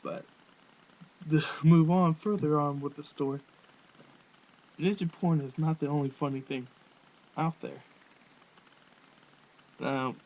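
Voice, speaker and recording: A man giving a crude, rambling comedic rant into his webcam, often laughing. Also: a little high. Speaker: vlogger. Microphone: webcam microphone. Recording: dull webcam audio with faint hiss.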